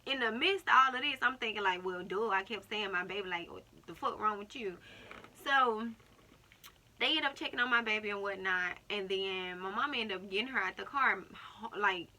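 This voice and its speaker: Young woman, vlogger, storytime, bright tense voice, animated retelling. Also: mid-range voice, moderate pace. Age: young adult. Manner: animated retelling, acting out other people's words. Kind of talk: storytime vlog.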